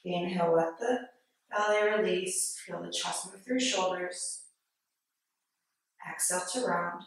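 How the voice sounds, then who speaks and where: A woman yoga instructor leading a class with steady step-by-step breathing and movement cues in a yoga studio. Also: on the low side, a little slow, vocal fry. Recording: very echoey studio, mic far off.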